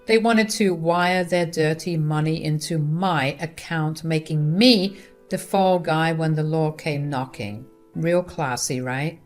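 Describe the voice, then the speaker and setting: A woman tells a first-person story with wry, dramatic flair. Her voice sits a little low. A faint guitar plays underneath. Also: takes it slowly. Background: faint guitar music.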